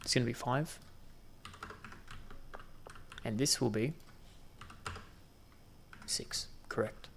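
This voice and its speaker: Gaming host, male, gravelly middle voice, talks to himself while playing. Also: mid-range voice, slow, pauses often, slight background noise. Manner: thinking aloud, muttering counts to himself. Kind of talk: gameplay commentary.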